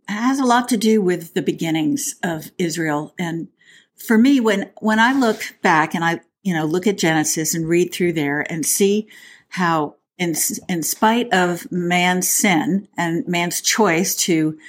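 Speaking slowly in a lowish register, a female podcast co-host keeps things casual and playful. She reads from scripture and restarts herself often.

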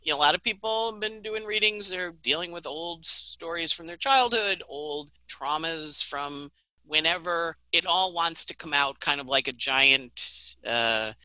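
Bright, chatty woman astrologer. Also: low-pitched, a little slow, no echo, rough recording. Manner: animated, chatty, laughs at own stories. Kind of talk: casual astrology forecast chat.

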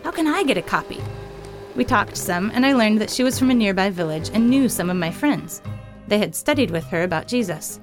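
A woman narrating her own missionary story in a gentle, earnest reading. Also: mid-range voice, lively intonation, fairly quick, faint music behind. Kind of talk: scripted narration.

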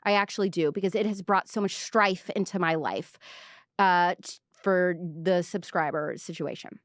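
A woman's voice: fairly low pitch, normal speed, no room sound. Woman host of a live pop culture show, chatty and sarcastic, dry close sound. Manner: chatty, sarcastic, many fillers and restarts. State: out of breath.

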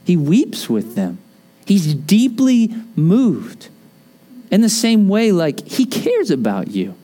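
A man pastor delivering a sermon in a conversational, joking and animated manner. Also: high-pitched, measured pace.

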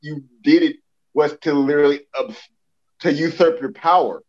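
A man's voice: on the high side, fairly even intonation, moderate pace, darkish tone. A man co-hosting a casual podcast chat, making blunt, mocking quips. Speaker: podcast co-host. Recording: slightly muffled sound.

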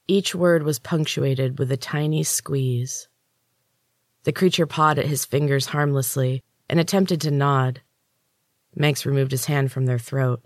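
Man reading dark fantasy aloud. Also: on the high side, normal speed, dry recording, studio quality. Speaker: podcast host and author reading his own story. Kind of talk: scripted narration of a dark fantasy story.

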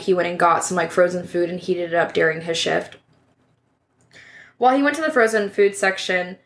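A woman's voice: medium pitch, a bit bright. A woman hosting a true crime podcast, reading a case from notes in a casual way with asides and self-corrections.

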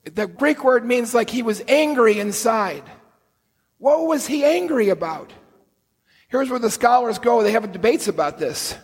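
A husky, fairly high-pitched male voice delivers an earnest sermon, slowing down to stress key points. The sound carries a long reverb, like a church hall. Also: lively intonation. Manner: earnest storytelling preacher, slow deliberate emphasis. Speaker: priest.

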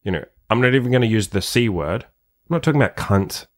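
A man's voice: mid-range voice, expressive, brisk. A young man hosting a podcast, talking in a brash, profane, joking way in casual chat. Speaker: podcast host.

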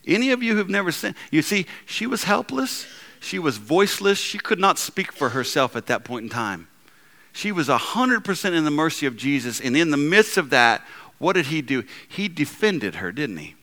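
A male pastor preaching with a bright, forward voice that leaps up and drops down in pitch. He repeats and restarts often, and moves between loud emphatic lines and quiet ones. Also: very animated, moderate pace. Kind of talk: sermon.

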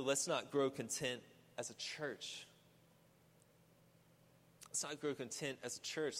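A male pastor delivering a sermon, building from quiet reflection to emphatic, repeated preaching. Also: mid-range voice. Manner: rising to emphatic, repetitive preaching. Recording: long hall reverb.

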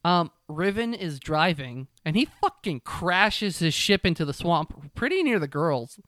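A man's voice: a little high, a little slow, dry recording, clean studio sound. A young man co-hosting a casual podcast chat, retelling a plot with lots of swearing and acted-out voices. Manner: animated storytelling, swears freely, acts out characters. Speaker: podcast co-host.

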